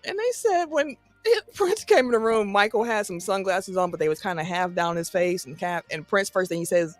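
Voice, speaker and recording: A man co-hosting a podcast in casual chat, telling stories with lively acted-out quotes. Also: high-pitched, moderate pace, few pauses, faint music behind. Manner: animated storyteller, acts out quoted voices. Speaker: podcast co-host.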